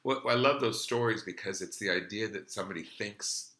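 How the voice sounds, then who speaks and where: A man's voice: on the low side, a little fast, sharp tone. A man in his sixties hosting a podcast, chatting casually and telling anecdotes with acted-out quotes. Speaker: podcast host. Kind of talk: casual interview chat.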